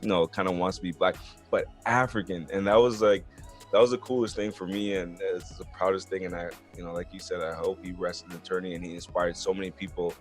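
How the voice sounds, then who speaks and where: Earnest, low-voiced male podcast host. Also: fairly even intonation, fast talker, soft background music. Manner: earnest, peppers speech with "man" and "bro". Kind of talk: casual sports podcast chat.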